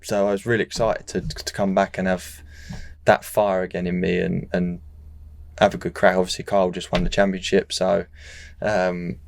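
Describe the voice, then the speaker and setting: A young man, telling his story in a relaxed, rambling way full of restarts and fillers, as a podcast guest. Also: low-pitched, normal speed, vocal fry. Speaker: guest racing rider. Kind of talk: casual interview chat.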